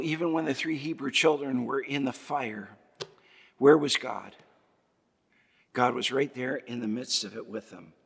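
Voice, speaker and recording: A man's voice: medium pitch, gravelly, fairly bright tone, slightly rough. A man preaching a sermon as pastor, building emphasis through repeated phrases and rhetorical questions. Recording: long hall reverb.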